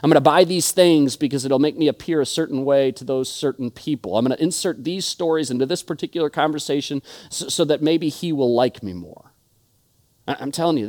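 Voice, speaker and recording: A man's voice: fairly high pitch, darkish tone. A young adult man preaching a sermon, telling stories earnestly and often restarting his words. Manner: earnest storytelling with repeated restarts. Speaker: pastor.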